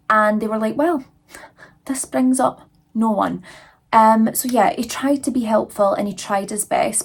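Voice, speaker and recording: A woman's voice: medium pitch, gravelly, a little mellow. A young woman casually retelling a true crime story in a chatty, conversational way, full of fillers and asides.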